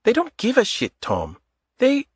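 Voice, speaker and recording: A man's voice: extremely high pitch, huge pitch swings, a little slow, slightly rough, no echo, studio quality, voice pushed up, heavily acted. A man voicing a teasing, stubborn woman in her early thirties with a light Eastern European accent in an audiobook, blunt and clipped. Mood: tense. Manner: blunt, drops little words, teasing. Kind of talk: audiobook character voice.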